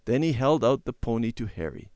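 Man, storyteller, lively inflection, dry close recording. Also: medium pitch, fairly quick, no echo. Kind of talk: reading a children's Bible story aloud.

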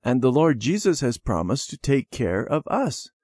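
A man's voice: mid-range voice, sing-song, normal speed, darkish tone, slightly rough, dry recording, studio quality. A man voicing a young boy in a storybook, earnest and reassuring.

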